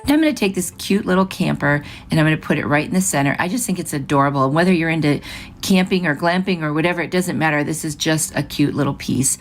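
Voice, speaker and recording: A woman's voice: deep voice, fast. A woman hosting a craft channel, chatting through each step of a project in a casual, upbeat way. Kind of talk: casual craft tutorial narration.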